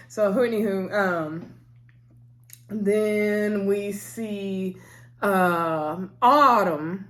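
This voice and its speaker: A woman's voice: medium pitch, takes it slowly. A woman giving a casual, rambling recap of a TV episode. She fills her talk with "so anyway" and "um" and speaks to her viewers in a familiar way. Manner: rambling, loose, full of fillers like "so anyway" and "um"; chatty and familiar, addressing viewers directly. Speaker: TV episode reviewer.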